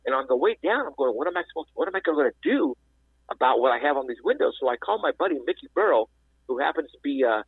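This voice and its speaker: Guy rambling through a story on a tinny dry phone line, husky voice. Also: medium pitch, fast, no room sound. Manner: rambling, animated retelling with restarts. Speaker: radio show guest. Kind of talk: casual storytelling.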